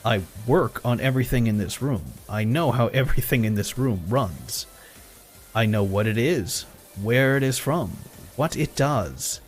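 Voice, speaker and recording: Lively, animated man telling a story. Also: mid-range voice, a little slow, faint music behind. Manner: animated retelling with quoted dialogue, swearing, chuckles. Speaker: live streamer. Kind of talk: casual storytelling while gaming.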